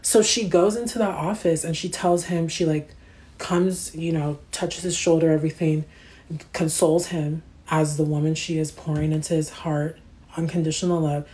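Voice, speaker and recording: A woman hosts a casual livestream with a slightly low voice. She talks in slangy, animated bursts and breaks off to answer chat comments. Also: normal speed. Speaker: livestream host.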